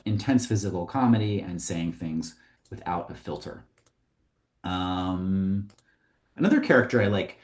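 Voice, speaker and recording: A man teaching comedy writing in a casual, conversational way, often pausing with "um" and "like". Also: sits low, a little mellow. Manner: conversational, with frequent ums and likes. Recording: roomy echo.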